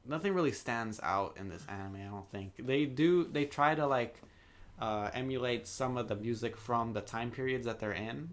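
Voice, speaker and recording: A man co-hosting a podcast, talking in a relaxed, amused way. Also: medium pitch, moderate pace. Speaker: podcast co-host. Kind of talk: casual chat.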